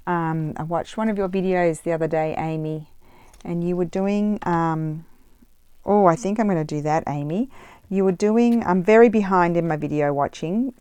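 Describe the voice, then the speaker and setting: Low-voiced woman chatting while crafting. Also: moderate pace, warm tone, clean tone, no room sound. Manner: rambling, chatty, wanders off on tangents; thinks aloud while working. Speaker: craft vlogger. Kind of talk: casual chat while crafting.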